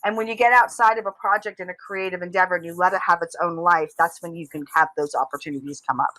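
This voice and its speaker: Woman guest, lowish voice, lively storyteller full of asides, dry close sound. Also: fast, no echo, poor audio. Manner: animated, chatty, tells long anecdotes with asides. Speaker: guest, filmmaker and author. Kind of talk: casual interview storytelling.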